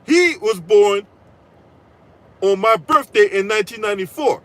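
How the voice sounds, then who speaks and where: A man's voice: high voice, animated, normal speed, low-quality recording. A man hosting a political commentary channel, delivering a profane, mocking rant full of crude trash talk and repeated "right?".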